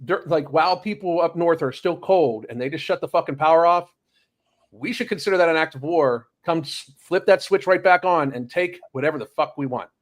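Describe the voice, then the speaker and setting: A man's voice: on the high side, a little fast. A man co-hosting a live-streamed talk show, speaking bluntly and profanely with indignation. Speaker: podcast co-host. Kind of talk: heated casual rant.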